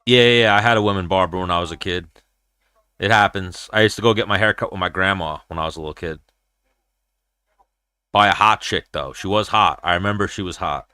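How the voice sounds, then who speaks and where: Profane, animated man hosting a livestream. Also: low-pitched, fairly quick, clear, resonant tone, no room sound, clean studio sound. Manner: acts out his own quoted lines. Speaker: show host. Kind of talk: casual livestream chat.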